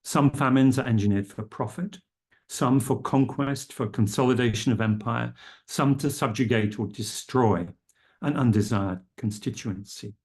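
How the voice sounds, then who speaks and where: A middle-aged man giving a formal lecture, measured and careful, quoting legal texts precisely. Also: mid-range voice, darkish tone, slightly rough. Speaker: speaker at a public health lecture. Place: lecture room.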